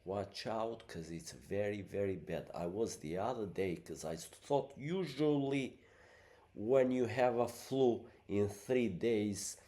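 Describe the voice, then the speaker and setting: Sick stuffed-up guy, albanian native, really low voice, rambling on with lots of you know what i mean. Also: takes it slowly, warm tone. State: sick, congested voice. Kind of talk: casual monologue.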